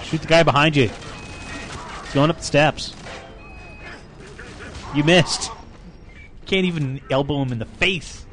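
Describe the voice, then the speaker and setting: A man hosting a live gaming stream, reacting excitedly and commenting on the action. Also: a little high, a little slow, long pauses, a little hiss or hum. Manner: excitable, reacts loudly to gameplay. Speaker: game stream host.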